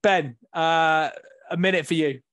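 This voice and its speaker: A man's voice: on the high side, steady tone, a little slow, fairly bright tone. A man hosting a casual podcast banter session over a video call, rambling and laughing often. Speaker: podcast host.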